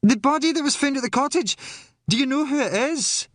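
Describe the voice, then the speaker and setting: A man voicing an eager female journalist, lifting his voice high. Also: fairly quick, a bit bright, no room sound, clean studio sound. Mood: pressing. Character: eager woman journalist with a dictaphone.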